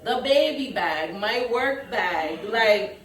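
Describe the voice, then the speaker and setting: Podcast co-host, New woman, blunt profane storyteller, higher voice, roomy sound from a distance. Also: expressive, takes it slowly. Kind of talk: casual chat. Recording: echoey room, mic at a distance.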